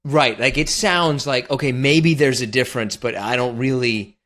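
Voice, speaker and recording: A man's voice: mid-range voice, normal speed, fairly bright tone. A man from the Midwest, hosting and asking casual, curious questions with many "like" fillers. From Midwest, Kansas. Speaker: host.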